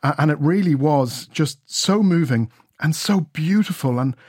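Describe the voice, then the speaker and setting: A man's voice: fairly high pitch, lively intonation, unhurried, darkish tone, breathy edge, dry recording, clean studio sound. A middle-aged man talking in a casual radio chat, enthusiastic and chatty with many fillers. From Ireland. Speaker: radio reporter.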